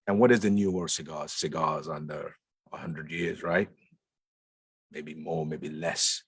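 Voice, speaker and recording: Male guest speaker, low husky voice, emphatic and insistent, dry close sound. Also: fairly even intonation, unhurried, dry recording. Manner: emphatic, repeats words for stress. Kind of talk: conversational talk. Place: lounge.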